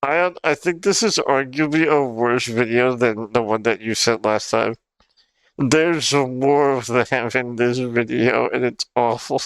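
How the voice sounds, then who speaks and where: A man's voice: medium pitch, measured pace, clean tone, no room sound, clean studio sound. A young man from Ottawa, chatting casually on a livestream, incredulous and laughing through his words. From Ottawa, Canada. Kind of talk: casual livestream chat reacting to videos.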